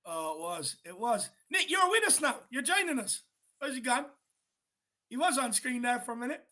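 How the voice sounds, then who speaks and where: An Irish man with a high, ringing voice co-hosts a football watch-along. He talks in a loose, excitable way and laughs and swears freely between remarks. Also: normal speed.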